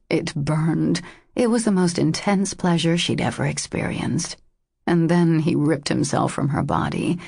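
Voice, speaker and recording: A woman narrating a romance audiobook in a slow, intimate reading. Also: sits low, gravelly, a little mellow, slightly rough, no echo, clean studio sound.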